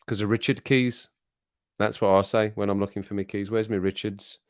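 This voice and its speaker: Brisk and lowish, a middle-aged man's voice carries this casual live stream. Reading the chat, he teases viewers, laughs a lot, and tends to say his phrases more than once.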